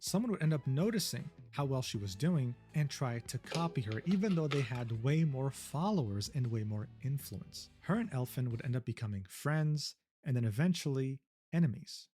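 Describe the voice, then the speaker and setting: Lively, sarcastic video essay man. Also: mid-range voice, moderate pace, faint music behind. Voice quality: sarcastic, mocking. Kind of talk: scripted commentary narration.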